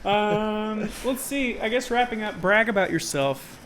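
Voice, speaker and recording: An interviewer asking playful questions in a casual chat, teasing and quick to laugh. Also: mid-range voice, fairly bright tone, poor audio. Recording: faint background noise.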